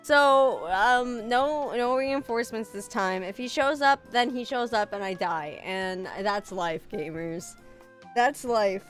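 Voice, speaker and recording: A woman's voice: a little high, slow, soft background music. A woman streaming as a VTuber, chatting casually with her viewers, swearing freely and joking about herself. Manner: animated, swearing, self-mocking, reads chat aloud. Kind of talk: casual live-stream chat.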